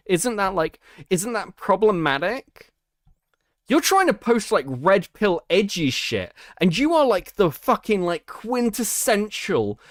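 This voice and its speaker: A British man hosting a live stream, reacting with profane, mocking commentary. His voice swings widely in pitch as he jeers. The sound is dry and close, with no room around it. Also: big pitch swings, normal speed, no echo. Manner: profane, mocking, loud outbursts. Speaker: streamer host.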